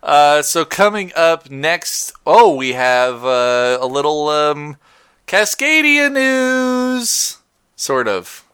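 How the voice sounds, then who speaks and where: A man's voice: a little high, slow, few pauses, fairly bright tone, clean tone, no room sound, clean studio sound. A man co-hosting a casual talk show, rambling and correcting himself as he goes. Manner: rambling, self-correcting, laughs often. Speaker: podcast co-host. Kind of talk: casual chat.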